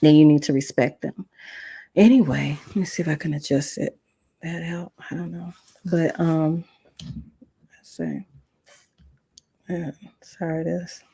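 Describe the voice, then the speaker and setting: Gravelly-voiced woman telling a personal story. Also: low voice, measured pace, pauses often, no room sound. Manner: animated, acts out quoted dialogue; casual, chatty asides to viewers. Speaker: podcast host.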